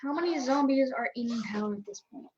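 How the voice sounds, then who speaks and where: A woman's voice: high-pitched, lively intonation, brisk, a little mellow, lo-fi sound. A woman playing a tabletop game, answering the game master with brief, casual replies. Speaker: player.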